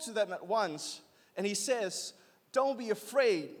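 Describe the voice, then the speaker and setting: Guy in his 30s preaching to a youth crowd, pretty high voice, keeps pushing them to answer back, echoey hall. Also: normal speed. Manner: lively, urging the crowd to call back. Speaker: youth pastor. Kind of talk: sermon. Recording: long hall reverb.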